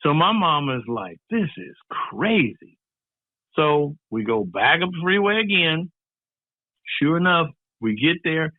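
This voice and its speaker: Animated storyteller man on a phone line. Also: fairly high pitch, measured pace, no room sound. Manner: lively, acts out every voice in his stories. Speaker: entertainer and guest. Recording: tinny phone-like, dry line.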